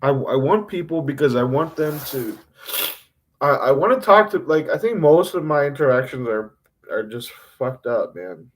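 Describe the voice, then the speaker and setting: A man giving an emotional, self-critical confessional monologue on a livestream, rambling with halting restarts and frequent swearing. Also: mid-range voice, animated.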